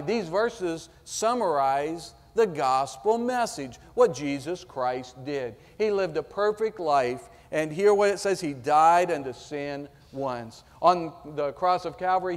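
A man preaching a sermon as pastor, slow and emphatic, asking the congregation rhetorical questions while reading and explaining scripture verse by verse. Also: on the high side, in a large hall. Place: church sanctuary.

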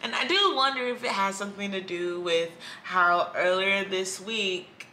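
A woman's voice: medium pitch, unhurried, sharp tone, slight background noise. A woman vlogging candidly at home by a window, talking in a reflective, rambling and hesitant way. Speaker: YouTuber. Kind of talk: candid personal vlog. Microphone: camera.

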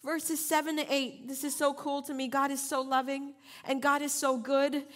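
A woman's voice: high voice, little pitch movement, moderate pace. A woman pastor delivering a sermon, emphatic and repetitive, with playful asides.

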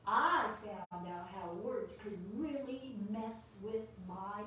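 A woman giving a playful lesson for children with her dogs, animated and full of praise, laughing often. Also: medium pitch, slow, slight background noise. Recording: very echoey room, distant mic.

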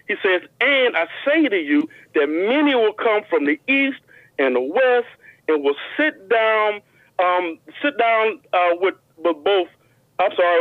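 A man on a call-in radio show, explaining and reading scripture slowly with emphasis, stumbling into frequent restarts. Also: high-pitched, no room sound. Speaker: guest Bible teacher. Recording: phone line audio.

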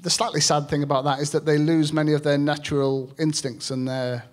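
A man from England's Lake District, an author speaking on stage at a live event, talking in an earnest, halting way with many fillers. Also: on the high side, level tone. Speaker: author and shepherd guest speaker. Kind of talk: public talk with reading and Q&A.

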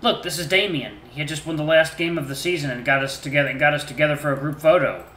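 A man voicing an emotional young man who remembers his lost family, speaking softly and haltingly. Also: a little high, reverberant, a little hiss or hum, natural voice, low-quality recording.

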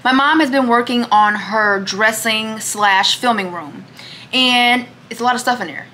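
Bright-voiced young woman vlogging. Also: on the high side, measured pace, slight background noise. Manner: lively, teasing, often calls people baby. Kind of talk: casual vlog chat. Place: home kitchen.

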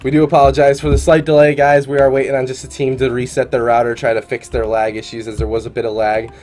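A man's voice: mid-range voice, flat delivery, fast talker, a little mellow. Upbeat male esports caster. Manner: upbeat, chatty, fillers like "uh" and "man". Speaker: tournament caster and streamer. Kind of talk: live esports commentary.

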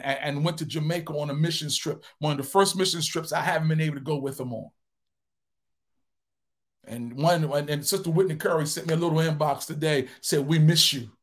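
A middle-aged male pastor preaching a sermon with emphatic, repeated declarations. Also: fairly high pitch.

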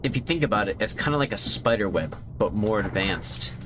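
A man giving casual, profane commentary while streaming a video game, reacting loudly when surprised. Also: on the low side, fairly quick, few pauses, music in the background. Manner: swearing, animated, jumps to yelps when surprised. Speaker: gaming streamer.

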